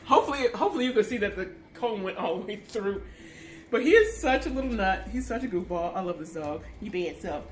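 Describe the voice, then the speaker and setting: A woman's voice: mid-range voice, lively intonation, quick pace. Woman groomer talking thru a brushing tutorial, cooing at the dog, roomy echoey space. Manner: chatty, coos baby talk at a wiggly dog between explanations. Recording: roomy with faint background noise.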